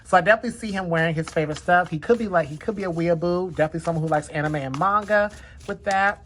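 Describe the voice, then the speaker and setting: Speaking very fast in a fairly low, slightly bright voice, a tarot reader hosts a casual card reading over a bit of background noise. Her chatty talk keeps circling back to the word "definitely."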